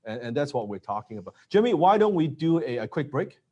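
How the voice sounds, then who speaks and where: Man coaching sales, animated. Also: mid-range voice, brisk, highs cut off. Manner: animated, acts out lines of dialogue. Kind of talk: coaching talk on closing sales.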